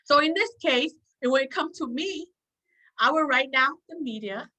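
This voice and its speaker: Running a self-help workshop, this woman speaks at a normal speed with a high, sharp voice and lively intonation, though the audio is poor. Her manner is earnest and repetitive, and she often pauses to ask her audience "okay?"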